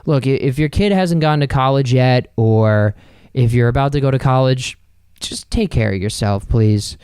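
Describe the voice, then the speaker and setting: Smooth-voiced young man rambling on his podcast. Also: medium pitch, normal speed, a little mellow, no room sound, clean studio sound. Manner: rambling and loose, with frequent fillers and swearing. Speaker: podcast host. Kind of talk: casual solo podcast monologue.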